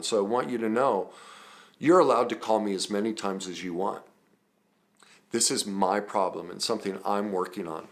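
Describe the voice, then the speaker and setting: Earnest man with a lowish voice. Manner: conversational and earnest, with frequent ums and self-corrections. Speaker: trauma recovery coach. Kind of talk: teaching talk with personal stories.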